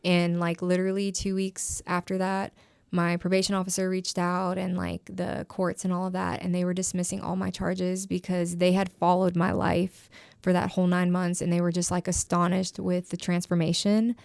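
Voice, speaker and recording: A woman's voice: on the low side, monotone, moderate pace, vocal fry, a little mellow, clear, resonant tone, no echo, clean studio sound. A young woman sharing her personal recovery story as a podcast guest, emotional and full of "like" fillers. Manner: emotional, frequent "like" fillers, trailing phrases.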